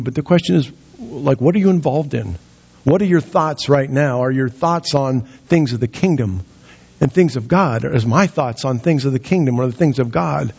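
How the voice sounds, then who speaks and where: A man preaching a sermon as pastor, rising in pitch to act out quoted lines with dramatic emphasis. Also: gravelly, a little mellow, husky. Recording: dull, muffled sound.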